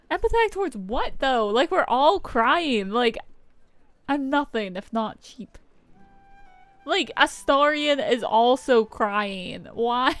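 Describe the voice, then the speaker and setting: A woman's voice: high voice, fairly bright tone, no echo. A woman streaming a game, chatting casually, giggling and swearing as she reacts. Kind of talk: casual let's-play commentary.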